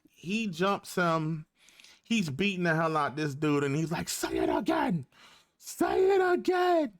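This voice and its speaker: A man in a casual online recap, retelling a TV episode in loose, slangy talk. He takes his time, leaning on fillers and quoting the characters in his own voice. His voice sits a little high for a man. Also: a bit bright. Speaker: YouTube reviewer.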